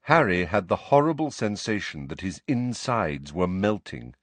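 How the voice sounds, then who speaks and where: A man's voice: lowish voice, very animated, normal speed, few pauses, no echo. A man narrating an audiobook expressively, voicing each character himself.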